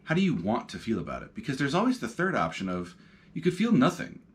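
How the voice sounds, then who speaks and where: Quick-paced and medium-pitched with huge swings in intonation, a podcast host in his thirties chats alone from his couch at home. He's casual and reflective, rambling with plenty of ums and uhs.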